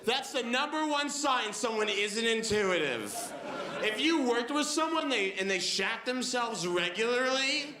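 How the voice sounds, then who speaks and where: A man in his twenties performing a stand-up comedy set, telling stories quickly and wryly and acting out other people's lines. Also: extremely high pitch, lively intonation, over a noisy crowd. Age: 20s. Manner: quick, wry storytelling with acted-out quotes. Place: comedy club stage before a laughing audience. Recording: echoey room with audible noise.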